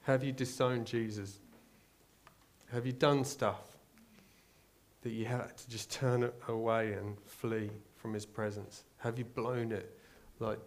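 A man's voice: medium pitch, fairly even intonation, takes it slowly. English man preaching a conversational sermon. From England. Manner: conversational, searching, with many restarts and rhetorical questions.

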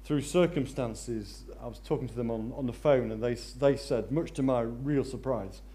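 A man preaching a sermon, swinging between loud excitement and hushed intensity. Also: medium pitch, moderate pace.

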